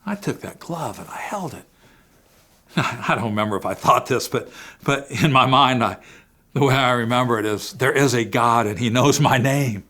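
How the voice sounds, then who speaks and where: A man's voice: medium pitch, normal speed. Earnest man telling a life story. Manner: earnest, swings between hushed and emphatic. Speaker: Christian family-series speaker. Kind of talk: personal storytelling talk to parents.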